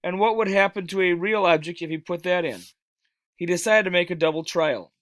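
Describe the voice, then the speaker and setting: A man reading a children's novel aloud in a steady, plain manner with small stumbles. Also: high voice, fairly quick, dry recording. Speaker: reader. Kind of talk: storybook read-aloud.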